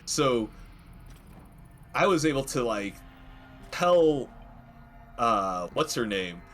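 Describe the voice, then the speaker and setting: A man's voice: medium pitch, big pitch swings, extremely slow, fairly bright tone, faint music behind. A man casually commenting while playing a video game, rambling with many fillers and frequent chuckles. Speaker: let's play gamer.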